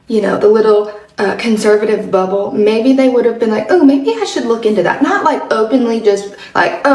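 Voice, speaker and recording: A woman casually telling a story about a talk in a shop, dropping to a hush when she quotes others and laughing often. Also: a little high, creaky. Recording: roomy, from far off.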